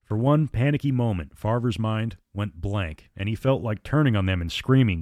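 A man narrates a suspense audiobook with a measured, dramatic delivery. His voice sits on the low side and is recorded close and dry, with no room sound. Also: dark tone, no echo.

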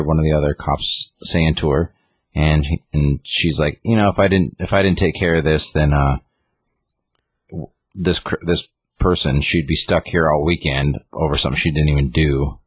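In studio-quality audio with no echo, a man with a breathy-edged bass voice talks casually about a comic. As a reviewer recapping the story, he meanders and leans heavily on fillers.

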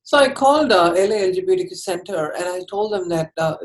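A woman speaks in a lower register, telling her own story to an interviewer. She is candid and earnest, and her sentences often stall and restart as she works through them. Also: animated, quick pace, low-quality recording.

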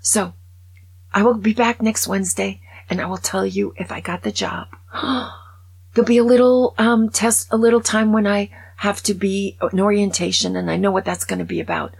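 An older woman hosting a podcast, talking in an excitable, gushing way that drops into whispers. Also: mid-range voice, normal speed, creaky, breathy edge, rough recording. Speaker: podcast host. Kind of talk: casual monologue.

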